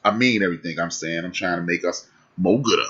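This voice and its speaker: Deep-voiced guy w/ hosting a live podcast, husky, preachy, repeats himself a lot. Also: quick pace, a bit bright, dull audio. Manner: fiery and preachy, repeats phrases for emphasis. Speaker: podcast host. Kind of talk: live-streamed talk.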